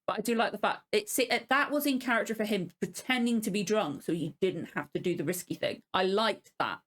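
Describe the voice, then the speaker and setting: A woman's voice: mid-range voice, brisk, a bit bright. A woman giving a casual spoken review as a reaction video host, ranting in exasperation, swearing often and apologizing as she goes.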